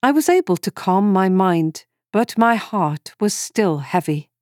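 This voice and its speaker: A woman in her forties reading a first-person story in calm, measured scripted narration. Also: medium pitch, dry recording, studio quality. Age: 40s.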